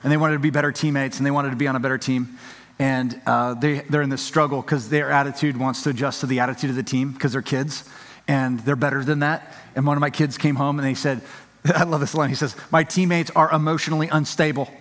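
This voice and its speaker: A man's voice: mid-range voice, steady tone, fast talker, fairly bright tone. A man preaching a sermon in a conversational, emphatic way, acting out quotes and often restarting his sentences. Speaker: pastor. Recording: long reverb of a large hall.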